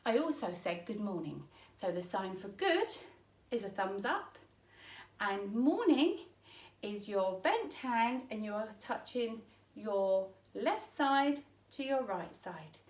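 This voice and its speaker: A woman's voice: medium pitch, big pitch swings, slow pace. A woman teaching parents basic home signs, explaining each one patiently and often checking in with "okay?". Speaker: sign language teacher. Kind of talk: instructional demonstration for parents. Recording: roomy echo, mic at a distance.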